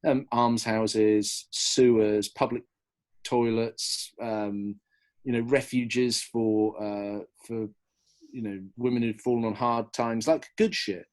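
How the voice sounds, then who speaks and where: A man's voice: medium pitch, steady tone, slow pace, darkish tone. Guy rambling happily thru a podcast q&a, middling voice, lots of restarts. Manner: chatty and enthusiastic, loose restarts. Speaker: guest historian. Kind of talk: casual podcast Q&A.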